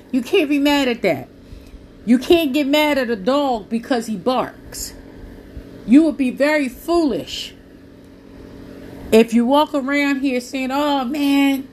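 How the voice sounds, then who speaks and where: A woman's voice: a little high, darkish tone, a little hiss or hum. A woman with speech, preaching to listeners in an earnest, pleading, blunt way. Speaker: Christian preacher.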